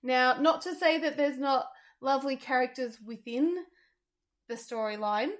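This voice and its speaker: Female reviewer, slightly high voice, casual, hesitant, lots of fillers. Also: moderate pace. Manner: thoughtful, hesitant with many ums. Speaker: theatre reviewer.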